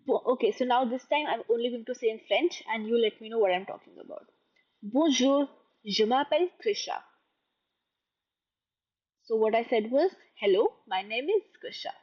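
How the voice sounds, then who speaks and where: Husky-voiced woman teaching French. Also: a little high. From India. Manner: slow, careful repetition of phrases with translations. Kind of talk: beginner language lesson. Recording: muffled lo-fi audio.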